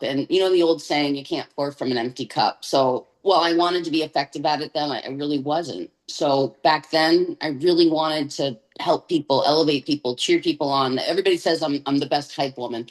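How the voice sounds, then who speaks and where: A woman with a notably low-pitched voice speaks as a guest on an interview podcast and gives her personal testimony. She tells it candidly and in vivid detail. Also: low-quality recording.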